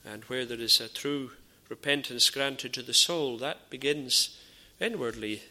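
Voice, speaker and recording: A man preaching a sermon in an earnest, measured way, with frequent pauses and repeated phrases. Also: medium pitch, sharp tone. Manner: drops to a near whisper in dramatised dialogue.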